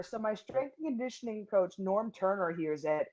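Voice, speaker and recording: A woman's voice: mid-range voice, normal speed, few pauses, poor audio. Blunt, profane young woman telling stories. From Philadelphia. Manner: blunt, profane, animated storyteller. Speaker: MMA fighter, guest. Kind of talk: casual interview storytelling.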